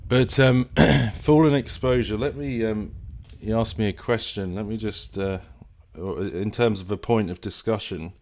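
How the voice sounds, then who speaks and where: A man's voice: on the low side, unhurried, hardly any pauses, darkish tone. A man from near London with an English accent, hosting a live stream in a casual, rambling way with many fillers and restarts. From England, near London.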